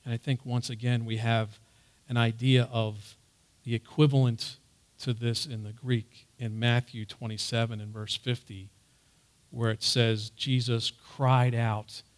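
A man teaching a Bible passage in an earnest sermon style, raising his voice on the quoted words. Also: mid-range voice. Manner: earnest, loud on emphasized quotes.

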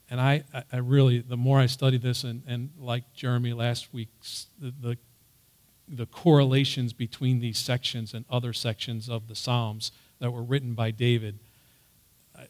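Slow-speaking man teaching from scripture. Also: medium pitch. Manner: earnest, loud on emphasized quotes. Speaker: Bible teacher. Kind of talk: sermon-style Bible teaching.

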